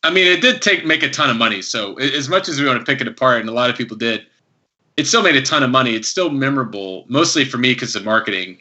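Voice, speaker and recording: A man co-hosting a casual film podcast, talking in a relaxed, conversational way. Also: mid-range voice, quick pace, highs cut off. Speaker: podcast co-host. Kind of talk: casual film review chat.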